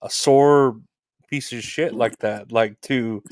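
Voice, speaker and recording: A man's voice: mid-range voice, dry recording, clean studio sound. A man hosting a podcast, chatting casually and often restarting his sentences. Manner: halting, restarts, agreeable backchannels. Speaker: podcast host. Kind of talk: casual interview chat.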